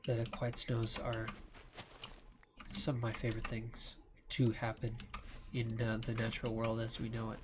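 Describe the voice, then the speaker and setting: A man giving slow, rambling commentary over his gameplay, with lots of fillers. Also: medium pitch, completely flat delivery, noisy background. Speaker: let's play gamer. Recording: loud keyboard clicking throughout. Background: keyboard typing and clicks.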